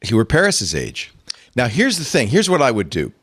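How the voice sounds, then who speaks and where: A man hosting a podcast in casual chat, playful and quick to joke. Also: medium pitch, huge pitch swings, fairly bright tone, slightly rough, dry recording, clean studio sound. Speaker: podcast host.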